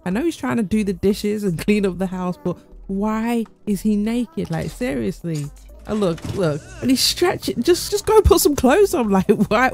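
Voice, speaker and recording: A woman's voice: mid-range voice, big pitch swings, unhurried, creaky, a little mellow, soft background music. Chatty woman narrating gameplay. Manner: chatty, amused, exclaiming. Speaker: gaming channel host. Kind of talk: gameplay commentary.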